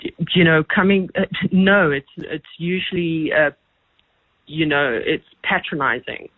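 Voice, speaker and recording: A woman's voice: sits low, measured pace, no room sound. A woman calling a radio show, making firm, prepared points with emphasis. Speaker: caller. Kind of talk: radio call-in opinion. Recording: tinny phone line.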